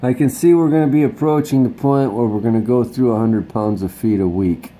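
A man's voice: medium pitch, a little fast, dark tone, rough recording. A man hosting a casual vlog, chatting in a rambling, upbeat way with a bit of pep talk. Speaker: vlog host.

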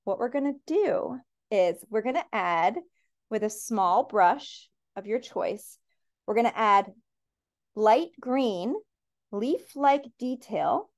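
In a paint-and-sip class, a woman with a fairly high voice paints along while giving upbeat, encouraging step-by-step instructions.

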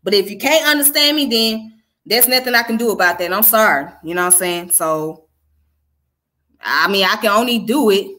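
A woman's voice: medium pitch, normal speed, sharp tone. A woman with a Southern US accent giving frank, casual commentary as she answers viewer comments, repeating her points for emphasis. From Southern United States.

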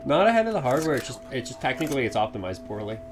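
A man playing a game on a let's play, giving casual commentary in a matter-of-fact way and quick to correct his co-host. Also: mid-range voice, very animated, music in the background.

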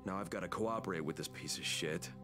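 An actor playing a gruff, sardonic male undercover agent who talks bluntly and swears. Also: low voice, fast talker, lightly acted. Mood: wary. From Chicago (character). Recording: game audio with loud music behind.

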